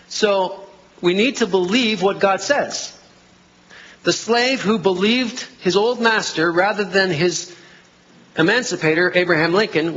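A man's voice: fairly high pitch, a bit bright, husky, dull audio. A middle-aged male pastor preaching a sermon in church. He keeps asking the congregation questions and has them say lines back to him. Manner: interactive, asks the congregation to respond. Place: church sanctuary.

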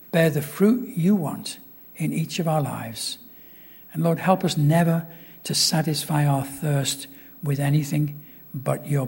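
A man's voice: on the high side, gravelly, husky. A man preaching as a visiting pastor in a church, emphatic and fond of repeated rhetorical questions. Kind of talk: sermon. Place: church sanctuary. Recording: long reverb of a church hall.

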